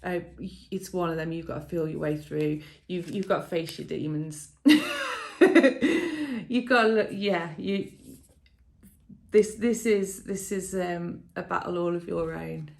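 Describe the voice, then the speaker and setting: A woman giving a tarot reading to viewers in a casual, emotional way, often laughing softly and thinking aloud with fillers and restarts. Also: fairly low pitch, fairly even intonation, measured pace, gravelly. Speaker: tarot reader.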